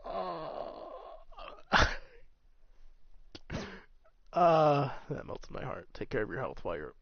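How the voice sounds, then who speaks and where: A young male streamer gives casual, jokey commentary and often cuts himself off. His voice sits in a middle pitch range. The recording is a bit muffled, with a faint hiss underneath. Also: very animated, a little fast. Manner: joking, self-interrupting, laughs often. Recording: slightly dull with faint noise.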